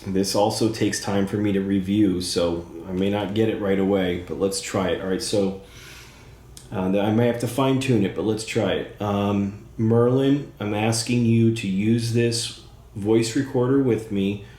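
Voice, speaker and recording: A man's voice: fairly low pitch, steady tone, unhurried, warm tone, echoey room. A man working as a psychic medium who speaks to a spirit during a session. He is eager and thinks aloud, with plenty of fillers.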